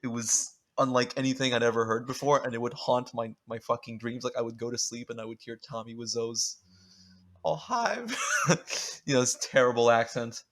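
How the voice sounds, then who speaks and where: A man's voice: mid-range voice, monotone, brisk, few pauses, fairly bright tone. A man guest on a podcast, chatting casually, laughing and swearing as he tells stories. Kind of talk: casual chat.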